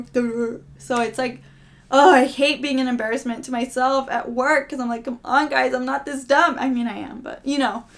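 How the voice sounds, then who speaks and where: A young woman vlogger in casual, rambling, self-deprecating chat to camera, often laughing. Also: high voice.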